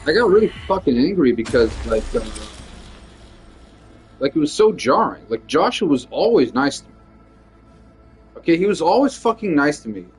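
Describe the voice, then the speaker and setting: A man's voice: fairly high pitch, sing-song, moderate pace, pauses often, faint music behind. A male stand-up comedian venting in a casual, rambling monologue, swearing freely and leaning heavily on "like". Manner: rambling, profane, lots of "like".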